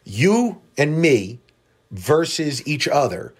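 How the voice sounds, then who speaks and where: Joking South Jersey radio co-host. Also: male voice, fairly high pitch, very animated, takes it slowly, breathy edge. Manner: joking, argumentative, rambling with restarts. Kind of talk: casual radio banter.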